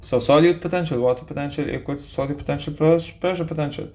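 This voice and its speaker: A man's voice: fairly high pitch, fast, mellow. A young man, tutoring biology in a casual, chatty way and often checking in with "okay?". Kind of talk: explaining a quiz to students.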